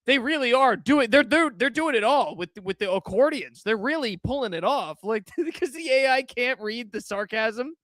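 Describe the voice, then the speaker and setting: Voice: mid-range voice, lively intonation, normal speed, few pauses, fairly bright tone, no echo, clean studio sound. Giggling streamer reading posts aloud. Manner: breaks into frequent laughter while reading posts aloud; slangy and loose, says dude and man. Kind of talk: casual reaction commentary.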